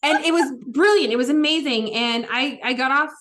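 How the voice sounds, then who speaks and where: A woman coach in a casual podcast interview, telling lively stories, swearing now and then and calling her listeners y'all. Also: high-pitched, normal speed. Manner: animated storyteller, swears, addresses listeners as y'all. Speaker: life coach guest.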